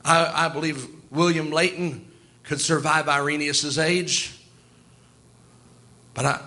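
A man's voice: fairly high pitch, fairly even intonation, slow, bright, forceful tone, voice pushed down, exaggerated voice. A man voicing God speaking fondly and confidingly about believers.

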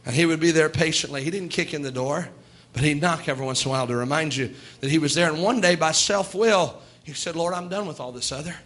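A man's voice: a little high, fast, fairly bright tone. A male preacher, delivering a folksy sermon and voicing God and sinners in quoted asides.

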